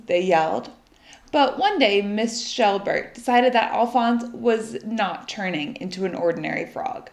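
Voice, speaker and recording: Lively woman reading a children's story. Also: mid-range voice, unhurried, creaky. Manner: expressive and lively. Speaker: storybook reader. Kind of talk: children's story read aloud. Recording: echoey room.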